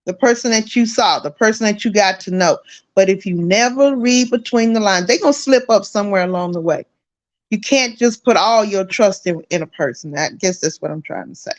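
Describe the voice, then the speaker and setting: A woman's voice: medium pitch, brisk. A woman on a discussion panel, talking reflectively and restarting her thoughts. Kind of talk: casual discussion.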